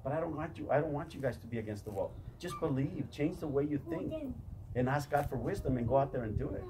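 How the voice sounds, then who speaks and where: A man's voice: mid-range voice, lively intonation, quick pace. Man, preaching from a distance. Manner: emphatic, repetitive, questions the audience. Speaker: motivational speaker. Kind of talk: faith-based motivational talk. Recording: distant mic in a noisy room.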